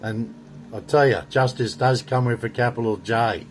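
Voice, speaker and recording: A man's voice: mid-range voice, moderate pace, faint music behind. Indignant rambling Australian man. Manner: rambling, indignant ranting with swearing. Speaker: political commentator. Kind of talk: monologue to camera.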